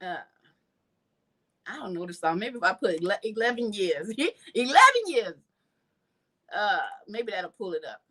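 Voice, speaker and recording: Speaking at a moderate pace in a fairly low voice, with long pauses here and there, a female channel host chats casually with her audience. She's lively and talkative, laughs, and addresses viewers directly as "y'all."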